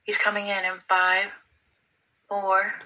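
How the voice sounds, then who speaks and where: A woman's voice: mid-range voice, completely flat delivery, takes it slowly, pushed and bright, a little hiss or hum, low-quality recording. A woman telling a rambling personal story in casual, profane talk, full of "like". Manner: rambling, profane, heavy use of "like".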